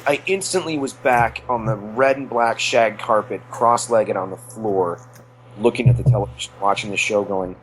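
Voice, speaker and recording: A man's voice: fairly low pitch, moderate pace, a little hiss or hum, low-quality recording. A middle-aged man co-hosting a podcast, telling earnest stories in a rambling way with many restarts. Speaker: podcast co-host. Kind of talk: casual nostalgic chat.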